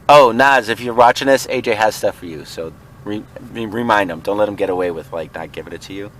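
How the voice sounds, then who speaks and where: A man's voice: fairly low pitch, fairly quick, fairly bright tone. A man vlogging casually from a car, joking, laughing often and mimicking friends in silly voices. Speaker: reseller vlogger. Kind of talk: casual car vlog chat.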